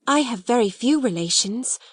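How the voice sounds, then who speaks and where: A woman's voice: on the high side, lively intonation, moderate pace, husky, no echo, clean studio sound, pitched above the performer's own voice. A woman doing a frank, reflective schoolgirl. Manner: reflective, plain-spoken.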